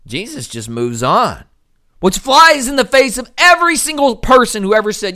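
A young man delivering a sermon, pressing hard on key words and then dropping low and quiet, stretching important words out slowly for weight. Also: very animated, no echo, clean studio sound. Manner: swings from loud emphatic peaks to low quiet passages. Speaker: preacher.

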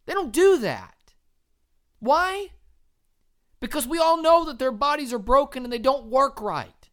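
A woman preaching an earnest, encouraging sermon, rising to loud cheering and dropping to soft, quiet appeals. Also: high-pitched, lively intonation, a little slow.

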